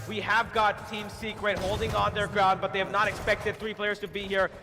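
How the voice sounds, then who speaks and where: A man's voice: high voice, little pitch movement, normal speed, over music. A man calling a competitive video game match play by play, building hype on big moments and bantering with his co-caster. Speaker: esports caster. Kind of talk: play-by-play commentary. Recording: hall reverb with clear noise.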